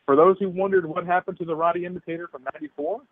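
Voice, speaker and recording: A man's voice: high voice, fairly even intonation, very fast, dry recording, phone-quality sound. A man hosting a radio show, introducing a guest in a chatty way. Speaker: radio host.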